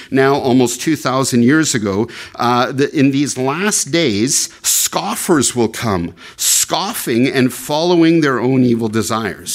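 A man preaching an expository sermon, explaining a scripture passage verse by verse with frequent fillers and restarts. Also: mid-range voice. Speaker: pastor.

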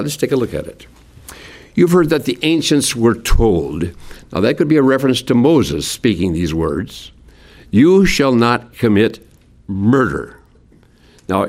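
Animated preaching man. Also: medium pitch. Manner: animated preaching with folksy sayings. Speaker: pastor. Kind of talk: sermon.

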